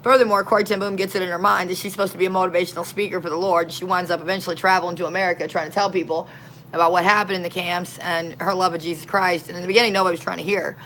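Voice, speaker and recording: A woman street minister tells a long story in an animated, folksy way, full of slang. Her voice sits a little low. A faint hum of noise runs under it. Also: rapid-fire, low-quality recording. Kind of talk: casual storytelling.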